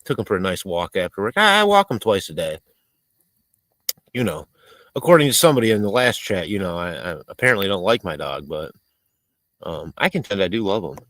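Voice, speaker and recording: Casual live-stream host, a rambling, cursing man, lively pitch, dry close sound. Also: brisk, dry recording, low-quality recording. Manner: rambling, swearing, reading chat aloud. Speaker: livestream host. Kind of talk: casual live-stream chat while cooking outdoors. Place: outdoors in a rural area.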